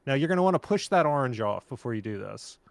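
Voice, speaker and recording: A man co-hosting a game stream, giving deadpan, instructional mock-guide commentary. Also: mid-range voice, quick pace, gravelly, no room sound. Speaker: co-host.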